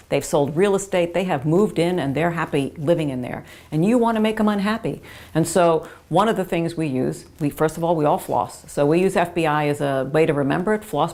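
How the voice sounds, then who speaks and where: A woman's voice: deep voice, darkish tone. A woman dentist explaining gum care to patients in an earnest, emphatic way, using homely images to repeat her points. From United States.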